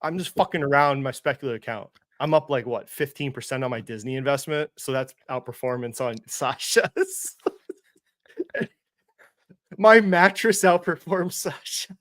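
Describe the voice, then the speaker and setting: A man's voice: medium pitch, moderate pace, a bit bright, dry recording, clean studio sound. A man co-hosting an investing livestream, ranting with sarcasm, swearing and mocking impressions. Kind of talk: heated casual chat.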